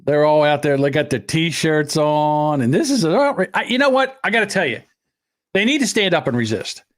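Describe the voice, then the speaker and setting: An older man banters on a podcast, his voice sitting a little high for a man. He talks in a loose, animated way, mocking and mimicking what he sees on screen. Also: normal speed, dry recording, studio quality. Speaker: podcast co-host. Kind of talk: casual chat.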